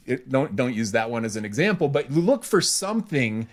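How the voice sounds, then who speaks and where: Man giving animated business advice. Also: normal speed, hardly any pauses. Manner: animated, acts out quoted small talk with pitch jumps; informal, says "freaking", repeats phrases. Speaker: podcast co-host. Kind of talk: casual advice chat.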